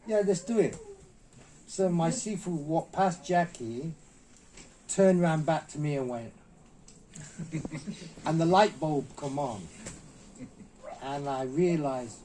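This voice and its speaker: A middle-aged man, a martial artist guest, tells anecdotes in an interview with a slightly high voice. He acts out quoted lines in a raised, lively way. Faint background noise sits under the recording. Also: poor audio. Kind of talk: anecdotal storytelling.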